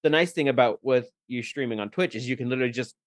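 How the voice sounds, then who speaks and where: A man chatting as a guest on a casual podcast, animated and playful. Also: medium pitch, quick pace, no room sound. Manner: animated and playful, laughs easily.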